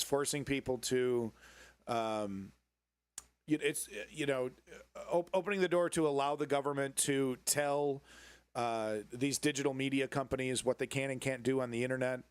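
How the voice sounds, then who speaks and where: A man hosts a loose live news stream, riffing sarcastically and cursing as he goes. His voice sits at an ordinary middle pitch. The sound is dry, with no room echo. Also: smooth. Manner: rambling, sarcastic, swears freely, greets chat viewers. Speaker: live news commentary host. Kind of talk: casual live-stream political commentary.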